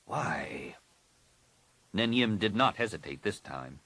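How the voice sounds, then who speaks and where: Male audiobook narrator, low, husky, lively range. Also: normal speed, dry recording, low-quality recording.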